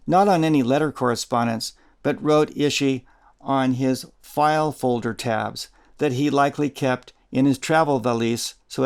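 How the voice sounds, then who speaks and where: A man narrating a nonfiction audiobook in a measured, deliberate reading, spelling out names letter by letter. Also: mid-range voice, clean tone.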